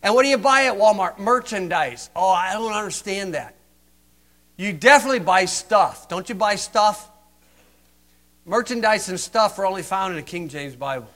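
An older American man preaching a sermon, mocking and sarcastic, swinging from loud emphasis to hushed asides. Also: sits high, lively intonation, normal speed.

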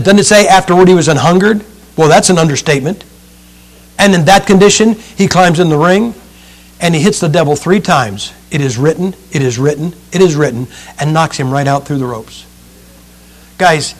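A male preacher with a high-pitched voice delivers a lively, joking sermon. He keeps turning to his listeners with rhetorical questions, and his pitch leaps up and down as he drives each point home.

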